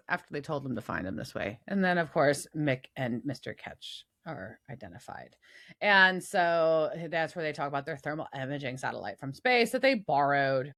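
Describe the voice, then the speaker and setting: Animated woman podcast co-host, low voice. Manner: animated, playful, slips into quick character voices. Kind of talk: casual chat.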